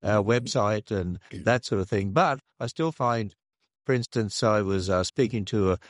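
An older man with an Australian accent, speaking earnestly and haltingly as a radio interview guest. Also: fairly low pitch, no echo, clean studio sound. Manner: earnest, measured, halting with restarts. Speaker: guest, creationist ministry leader.

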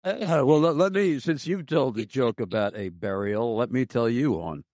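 A man co-hosting a podcast, telling a joke in a slow, deliberate storytelling way. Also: mid-range voice, expressive, a little mellow, dry recording, studio quality. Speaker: podcast co-host.

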